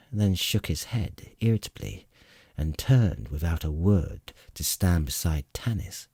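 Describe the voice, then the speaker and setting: A man narrating a fantasy novel as an audiobook reader, in a measured, expressive way. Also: deep voice, creaky, husky, no echo, clean studio sound.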